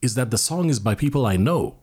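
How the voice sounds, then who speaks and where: A man hosting a podcast interview, eager and quick with "yeah, yeah" responses. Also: medium pitch, animated, a little mellow, breathy edge. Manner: eager, with frequent "yeah, yeah" backchannels. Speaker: podcast host.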